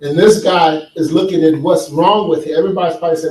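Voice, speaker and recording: A man's voice: on the high side, steady tone, fast, darkish tone. A man giving an earnest conference talk, telling stories and asking the audience questions. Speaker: speaker. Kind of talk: conference talk on men's healing. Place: large hall with an audience. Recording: echoey hall, speaker far from mic.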